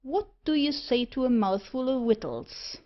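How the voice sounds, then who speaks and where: A woman's voice: high voice, expressive, normal speed, pitched above the performer's own voice. Woman doing jolly rogue Ginger. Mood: jovial. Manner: breezy dialect speech. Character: jolly greedy male dog-thief rogue. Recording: muffled lo-fi audiobook recording.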